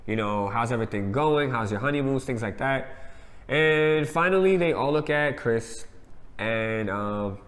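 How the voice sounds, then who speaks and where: Man in a roomy echo, animated slang. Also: mid-range voice. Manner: animated, acts out quotes with slang. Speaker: co-host. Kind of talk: casual reality TV review chat.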